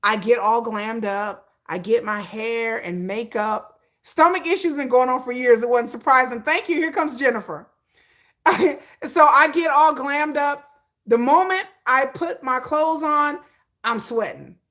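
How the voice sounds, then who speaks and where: A woman hosting her own livestream, chatting through a story in a lively, rambling way. She keeps doubling back and acting out small bits for her viewers. Her voice is bright and forceful. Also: sits high, unhurried. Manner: animated, chatty, rambling with restarts and acted-out asides. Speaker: livestream host.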